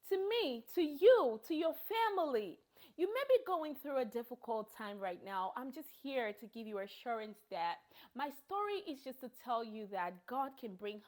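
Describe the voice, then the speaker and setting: High-voiced woman giving a testimony. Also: big pitch swings, a little slow. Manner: emotional and grateful, swings from soft and low to loud, laughing outbursts. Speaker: vlogger giving a personal testimony. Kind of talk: heartfelt testimony.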